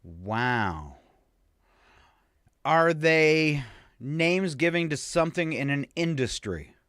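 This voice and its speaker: A man trades teasing banter on a morning radio show and laughs often. His voice is bright and bouncy, yet he talks slowly. The studio sound is close and dry. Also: a little high, animated, clear, resonant tone, dry recording. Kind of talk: playful on-air banter.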